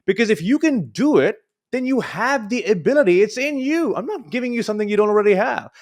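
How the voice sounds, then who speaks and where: A man's voice: high voice, animated, quick pace. A man answering as a guest speech coach in an interview, talking in an emphatic, coaching tone.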